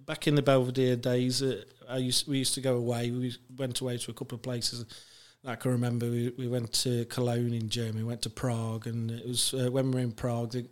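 A man chats as a podcast guest. His voice stays flat and level, and he tells his stories in a rambling way, full of "um"s and restarts. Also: mid-range voice, brisk, few pauses. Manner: rambling, many fillers and restarts, laughs while telling stories. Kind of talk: casual chat, telling anecdotes.

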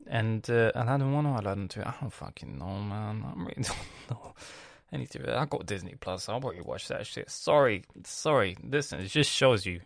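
Young man, London accent, casual podcast rant, gravelly voice, dry close mic, heavy slang, acts out family. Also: lowish voice, a little fast, no room sound. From England. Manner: animated storytelling with slang and swearing, acts out family members. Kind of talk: casual ranting monologue.

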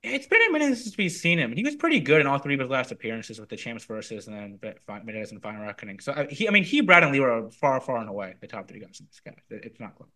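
A man on a podcast giving quick, animated analysis of a reality show in casual chat. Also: medium pitch. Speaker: podcast guest.

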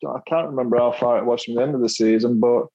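A man's voice: mid-range voice, fairly even intonation, fast, mellow, dry recording, highs cut off. A middle-aged man, a podcast guest telling stories in casual chat, laughing often and stumbling over repeated words. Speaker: podcast guest, former footballer.

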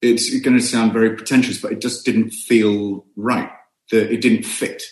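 A man's voice: fairly low pitch, little pitch movement, normal speed, reverberant. A man with a British accent, an actor guest chatting casually and self-deprecatingly. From Britain. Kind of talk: casual podcast chat.

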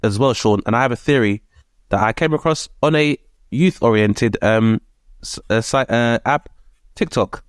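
A man hosting a casual podcast chat, reflective and halting as he searches for his words. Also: mid-range voice, smooth, dry recording, studio quality.

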